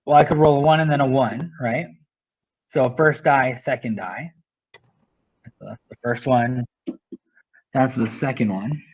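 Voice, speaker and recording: A man's voice: mid-range voice, unhurried, pauses often, slightly rough, lo-fi sound. A male teacher explaining a math lesson step by step, often checking in with "right?".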